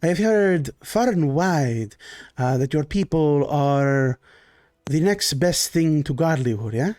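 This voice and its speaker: A man performing a refined baron playing the gracious host. He speaks formally in a lifted, lively voice and tags his lines with a questioning "eh?". The sound is dry and close. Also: fairly high pitch, takes it slowly, no room sound. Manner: formal, polite, ends lines with "eh?".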